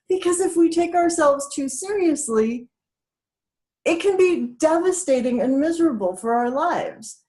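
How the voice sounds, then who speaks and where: A woman's voice: high voice, expressive, a little slow, warm tone. A woman speaker guiding a laughter exercise, upbeat, breaking into laughter and cheers. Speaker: self-care speaker.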